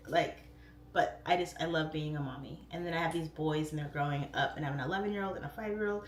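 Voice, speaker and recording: Chatty woman livestream host, echoey room. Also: quick pace. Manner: chatty, expressive, pitch jumps up for quoted voices. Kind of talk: casual livestream chat.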